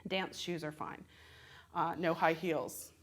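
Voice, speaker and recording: A woman's voice: sits low, fairly even intonation, slow. A woman with a Southern American accent teaching musical theatre audition tips in a chatty, conversational way, often laughing and acting out examples.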